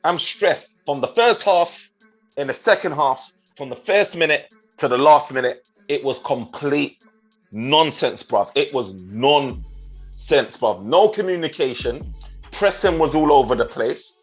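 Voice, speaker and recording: A young man hosts a football banter chat, his voice fairly high for a man and full of slangy energy. Faint music sits under his voice. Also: measured pace, breathy edge. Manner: animated, slangy, laughs at his co-host. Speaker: host. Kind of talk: casual banter, football post-match chat.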